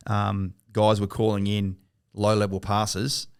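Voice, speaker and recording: A man's voice: fairly low pitch, completely flat delivery, slow pace, clean tone, dry recording, studio quality. A middle-aged Australian man, a former army officer, chatting casually on a podcast, swearing freely with hesitant restarts. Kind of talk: casual chat.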